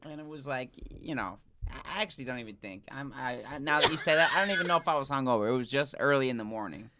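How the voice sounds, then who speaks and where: A man's voice: medium pitch, expressive, fast, noisy background. A male comedian on a podcast, telling a story in a loose, rambling way full of restarts and fillers. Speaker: comedian guest.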